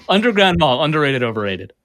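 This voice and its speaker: A man from Minnesota hosts a casual podcast chat, his voice bright and clear. He talks with a lively, swinging pitch and drops wry, teasing jokes into the conversation. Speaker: podcast host.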